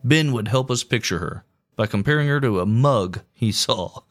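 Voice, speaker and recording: A man's voice: mid-range voice, expressive, normal speed. A man hosting a podcast, telling history in a crude, irreverent comic way. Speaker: podcast host. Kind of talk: comedic history narration.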